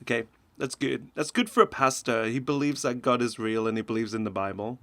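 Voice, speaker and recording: A sarcastic man talks through a reaction commentary, chuckling at his own jabs and keeping things loose. His voice sits at an ordinary pitch and is recorded close and dry, with no room sound at all. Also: brisk, fairly bright tone, no echo. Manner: sarcastic, laughs often between remarks. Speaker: commentary host.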